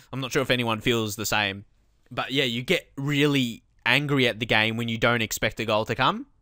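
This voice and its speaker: A man commentating on his own football management game, calmly explaining tactics and then shouting when goals go in. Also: mid-range voice, dry recording, studio quality. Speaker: let's play host.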